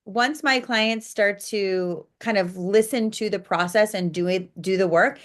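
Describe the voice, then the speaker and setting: Blunt, animated woman spiritual coach. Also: medium pitch, unhurried. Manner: animated, blunt, swears casually, acts out quotes. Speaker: spiritual coach, podcast guest. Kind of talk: interview storytelling.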